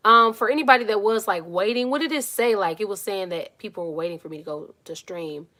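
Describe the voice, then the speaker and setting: Talking a little fast at medium pitch, a woman hosts a casual live Q&A streamed by phone from a small closet in her home. She's animated and chatty, saying hello to viewers by name and adding quiet muttered asides.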